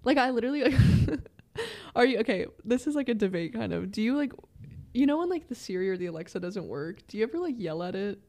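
A young woman co-hosting a casual chat, animated, laughing often and swearing freely. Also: a little high, quick pace. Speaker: podcast co-host.

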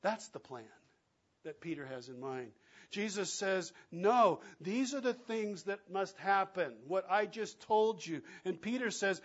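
A man preaching a sermon, acting out quoted lines and swinging between loud and soft. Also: high voice, lively intonation, measured pace, lo-fi sound. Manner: dramatic, acts out quoted lines with big swings in loudness. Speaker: pastor.

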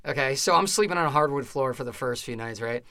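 A man's voice: mid-range voice, fast, pushed and bright, dry recording, studio quality. A man who is a comedian guest, telling a story in a casual interview and acting out other people's voices.

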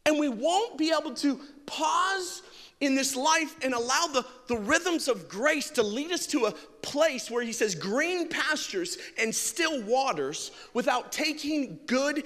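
A man preaching a sermon full of humor, animated and jokey, acting out bits of dialogue. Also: extremely high pitch, long reverb tail. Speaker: pastor. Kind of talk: sermon with comic stories.

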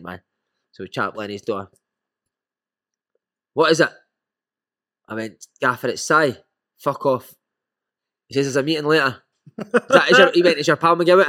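A Scottish man in his thirties, a former footballer telling animated, sweary anecdotes in a casual chat. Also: on the low side.

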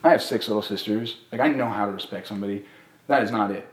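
A young man speaks in a casual live podcast chat and tells a personal story with animated energy. He keeps checking in with his listeners as he goes, and his voice rings in a roomy, echoing space. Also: fairly low pitch, fast talker. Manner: animated storytelling, many "right?" tags. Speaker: therapist and podcast co-host. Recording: roomy echo.

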